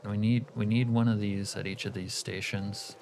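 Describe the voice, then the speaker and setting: Laid-back male game streamer, lowish voice. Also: normal speed, soft background music. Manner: relaxed, reads chat aloud, muttered asides to the game. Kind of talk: live-stream chat while gaming.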